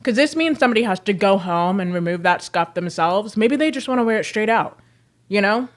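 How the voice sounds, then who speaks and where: A woman's voice: medium pitch, expressive, brisk. A woman livestreaming casually, chatting with viewers in a slangy, friendly way while she works, laughing often. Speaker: livestreamer selling clothes online. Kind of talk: casual chat while working.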